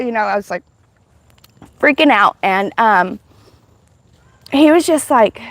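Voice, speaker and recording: A woman's voice: a little high, lively intonation, measured pace, long pauses, no echo. Emotional woman telling her spiritual testimony. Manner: emotional, rambling storytelling with many restarts. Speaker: livestream host.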